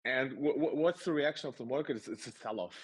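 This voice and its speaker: Male co-host, mid-pitch, hesitant, stammers and checks for agreement. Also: fast, breathy edge. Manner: hesitant, stuttering restarts, seeking agreement. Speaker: market analyst stream co-host. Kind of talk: casual livestream chat.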